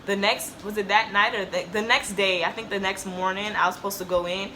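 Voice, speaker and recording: A woman's voice: mid-range voice, fairly even intonation, brisk, sharp tone, slight background noise. A woman in her late teens telling a casual storytime to her camera, chatty and full of fillers. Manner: chatty, with many "like"s and "um"s. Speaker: vlogger.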